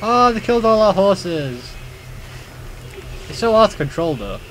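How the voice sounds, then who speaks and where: A young man co-hosts a let's play video, his high, bright voice very animated yet unhurried amid slight background noise. Chatty and laughing often, he's eager to react to the game in this casual gaming banter.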